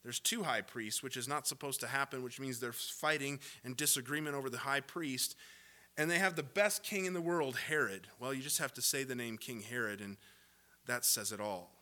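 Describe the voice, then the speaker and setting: A man preaching a sermon, with sarcastic asides and rising, impassioned build-ups to loud peaks. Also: medium pitch, normal speed. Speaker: pastor.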